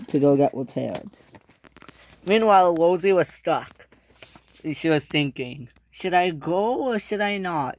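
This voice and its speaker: A young man, likely a boy, narrating an improvised toy train story, excitable, with frequent restarts and loud screams for the characters. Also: on the high side, a little hiss or hum.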